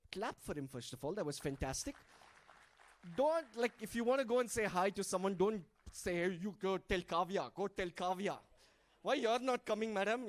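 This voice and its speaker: A man hosting a live event on stage, playfully teasing and coaxing the audience into group activities over a handheld mic. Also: high-pitched. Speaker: event host.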